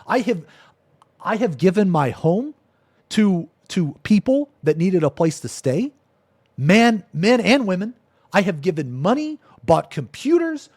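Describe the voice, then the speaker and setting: A man's voice: sits high, no echo, clean studio sound. A male streamer ranting on a live stream, swearing a lot, repeating himself and calling everyone "man" and "bro". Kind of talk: casual live-stream rant.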